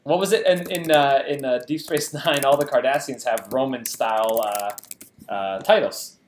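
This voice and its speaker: A man's voice: medium pitch, normal speed, roomy sound, slight background noise. A man co-hosting a casual game livestream, joking around and rambling playfully. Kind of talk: casual chat.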